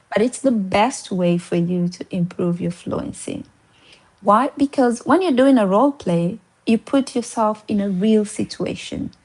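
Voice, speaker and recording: A woman's voice: mid-range voice, darkish tone. A woman teaching English in a casual spoken lesson, full of encouragement, who poses questions and answers them herself.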